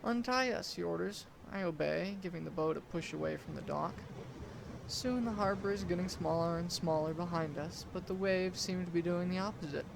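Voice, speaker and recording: Young male storyteller, slightly high gravelly voice, dramatic first-person narration. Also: fairly even intonation, background noise. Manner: deliberate, dramatic storytelling delivery. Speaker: student storyteller.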